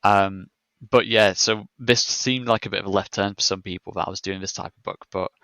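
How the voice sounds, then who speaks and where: A male guest artist with a low, steady baritone that has a crisp, bright edge, recorded close and dry. He talks in an even, thoughtful way during casual chat. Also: brisk, dry recording. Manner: self-described one-tone baritone, steady, thoughtful.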